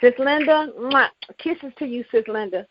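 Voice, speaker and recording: Woman caller, high voice, excited and gushing, repeats herself, dull phone line, faint hiss. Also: moderate pace. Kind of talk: excited call-in chat.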